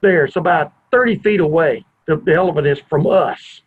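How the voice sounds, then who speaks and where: Brisk and slightly rough, a higher-pitched male voice hosts a podcast from a home family room. He's a digressive storyteller whose long anecdote keeps wandering onto side topics. The recording sounds tinny, as if over a phone.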